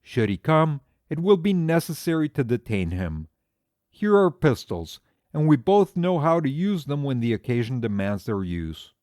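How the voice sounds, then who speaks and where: A man reading the part of a calm, methodical amateur detective, laying out his reasoning in a measured lecture. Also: a little high, no echo, studio quality. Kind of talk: audiobook character reading.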